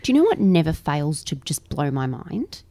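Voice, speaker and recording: A woman in her thirties co-hosting a casual chat, frank and quick to swear. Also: sits low, big pitch swings, mellow, dry recording.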